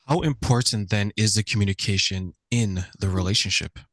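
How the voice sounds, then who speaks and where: A man's voice: fairly low pitch, normal speed, fairly bright tone, dry recording. A man hosting an interview show, musing earnestly before asking his guest questions. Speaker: podcast host.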